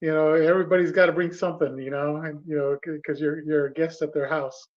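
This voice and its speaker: Man, rather high voice, rambling storyteller, lots of fillers, muffled lo-fi audio. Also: fairly even intonation, quick pace. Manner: rambling anecdotes with many fillers and restarts. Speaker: guest panelist. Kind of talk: casual chat on a livestream.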